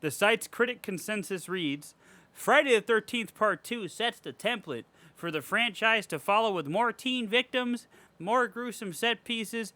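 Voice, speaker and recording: A man's voice: sits high, measured pace, bright, forceful tone, no echo. A man hosting a casual podcast chat, profane and ranting, often laughing as he reads out and mocks reviews. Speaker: podcast host.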